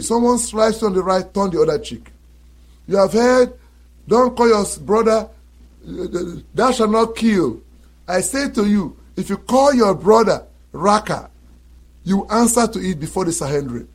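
A man's voice: high-pitched, slightly rough. A male preacher delivering a sermon to his listeners, emphatic, repeating key phrases and asking rhetorical questions.

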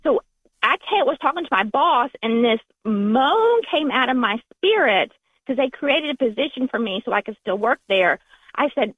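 A woman with a Southern US accent calling in to a radio show, talking in a warm, gushing way and restarting her phrases. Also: high-pitched, lively intonation, normal speed, no echo. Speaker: caller. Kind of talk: call-in phone conversation. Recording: tinny phone line.

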